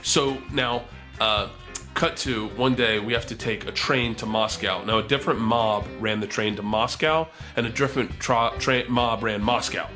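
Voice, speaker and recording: A man telling a long story in casual podcast talk, animated and profane, acting out what people said. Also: medium pitch, moderate pace, over music. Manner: animated, profane, acts out quotes.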